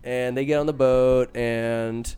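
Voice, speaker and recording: Man, casual comedic plot retelling, slangy and profane, crisp clear voice, middle pitch. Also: fairly even intonation, slow pace, dark tone, soft background music. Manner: rambling, profane, slangy asides. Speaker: film recapper.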